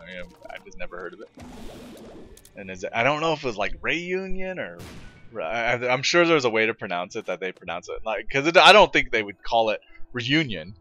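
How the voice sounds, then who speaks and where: This American let's play gamer rambles through casual commentary for viewers, full of fillers and restarts. His voice is on the low side but swings widely in pitch, fairly quick, bright and forceful, and the recording's highs are cut off.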